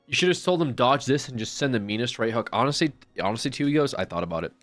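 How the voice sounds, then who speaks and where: A man's voice: medium pitch, animated, quick pace, fairly bright tone, no echo, soft background music. A man streaming live, chatting casually and rambling with profane jokes to his chat.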